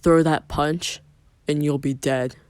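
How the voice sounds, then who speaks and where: A man voicing a smug, vengeful young man who threatens in a low, slow delivery. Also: fairly even intonation, no echo. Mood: menacing.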